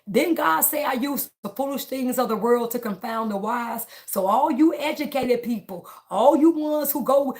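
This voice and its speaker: A woman's voice: a little high, darkish tone. A woman livestreaming a casual, preaching monologue, speaking emphatically, repeating her phrases and talking straight to her viewers. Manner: laughs between lines.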